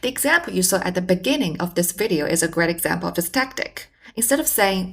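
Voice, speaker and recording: Woman, scripted voice-over, measured, explanatory, mid-pitched voice. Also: lively intonation, breathy edge. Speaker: communication channel host.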